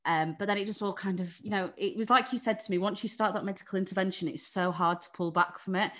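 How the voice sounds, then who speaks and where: A woman's voice: medium pitch, fast, a bit bright. A woman in a candid casual chat, telling a story animatedly, acting out the people she quotes and swearing freely. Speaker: guest sharing birth story.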